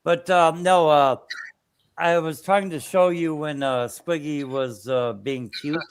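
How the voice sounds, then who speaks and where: A man chatting as a guest on a stream, hesitant and halting, dropping dry jokes. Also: a little high, steady tone, clean tone. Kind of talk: casual chat.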